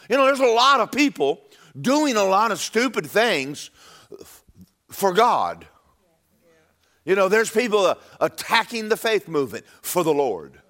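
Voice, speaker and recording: A man delivering a sermon in an animated storytelling way, his voice sitting a touch high and swinging widely up and down. He stumbles and repeats words as he goes and drops low and quiet when quoting others. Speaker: preacher.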